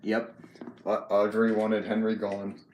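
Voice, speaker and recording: Low-voiced man live streaming casually. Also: completely flat delivery, roomy sound, noisy background. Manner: halting, frequent ums and restarts; chatty, reads and answers chat messages.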